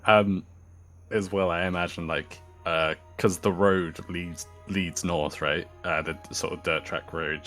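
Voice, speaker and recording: A man player at a tabletop game speaks with a very low voice. He pauses often and restarts his sentences as he works out what his character will do. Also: fairly even intonation, a bit bright, faint music behind. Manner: halting, full of fillers. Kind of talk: casual play discussion.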